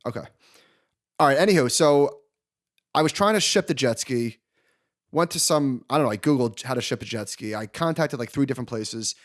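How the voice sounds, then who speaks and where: A man in his thirties co-hosting a podcast, telling a long story in an animated, casual way and laughing along. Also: mid-range voice, a little fast. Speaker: podcast co-host. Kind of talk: casual chat.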